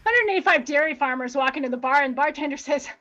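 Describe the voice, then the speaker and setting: A woman's voice: high voice, fast talker, pushed and bright, muffled recording. A woman improv player telling short, light jokes.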